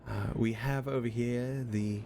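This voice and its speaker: Tabletop-game NPC: man doing a polite elven spa attendant, low gravelly voice, faint background noise. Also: fairly even intonation, unhurried, mellow. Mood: welcoming. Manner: courteous, rambling tour-guide patter with fillers.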